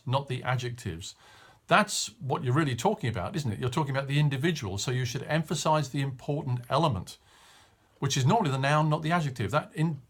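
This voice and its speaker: A middle-aged man giving a short coaching tip on public speaking, talking in a clear, measured way and stressing key words. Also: mid-range voice. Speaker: media coach.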